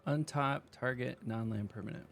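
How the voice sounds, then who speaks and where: A man's voice: medium pitch, normal speed, vocal fry, faint music behind. A man casually commenting on his own card game as he plays, chatty and talking while he eats. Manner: chatty, talks while eating. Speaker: streamer playing a card game. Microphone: desk microphone.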